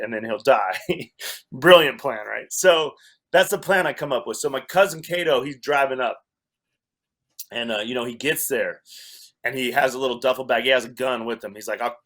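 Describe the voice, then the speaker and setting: A man's voice: mid-range voice, a bit bright. A man telling a long personal story as a podcast guest, wry and self-mocking, often laughing at himself. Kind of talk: storytelling in a casual chat.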